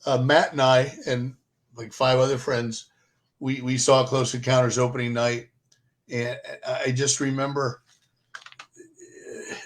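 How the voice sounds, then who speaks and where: A man's voice: mid-range voice, level tone, measured pace, pauses often. An older man co-hosting a casual chat, telling stories with many fillers and restarts. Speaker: podcast co-host.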